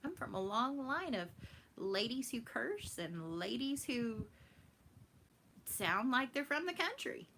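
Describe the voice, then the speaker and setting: Chatty Texan woman, bright voice. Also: a little high, sing-song, slow pace, slight background noise. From Texas. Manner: chatty, laughing, answers viewer comments. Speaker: flosstube host. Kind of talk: casual live chat.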